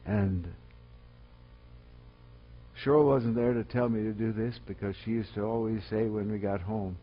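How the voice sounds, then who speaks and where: A man preaching a sermon, swinging from loud, emphatic exhortation to quiet, personal storytelling. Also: on the low side, steady tone, unhurried, highs cut off. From Colorado.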